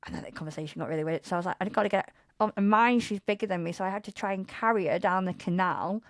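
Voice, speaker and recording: A woman in her thirties on a podcast, telling a dating story in casual chat and acting out quotes loudly with laughter. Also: very fast, no echo, clean studio sound. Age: 30s. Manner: animated, laughing, acts out quotes in a loud high voice. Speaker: podcast co-host.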